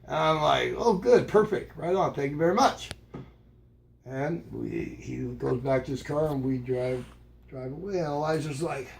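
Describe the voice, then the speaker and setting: Gravelly older man telling a story. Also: normal speed. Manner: animated, acts out quoted voices with jumps in pitch. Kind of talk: casual storytelling. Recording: loud background noise.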